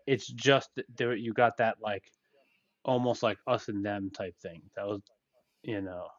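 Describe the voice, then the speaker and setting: A man's voice: fairly low pitch, steady tone, measured pace, dry recording, dull audio. A male podcast host in casual chat, teasing and skeptical toward his guest.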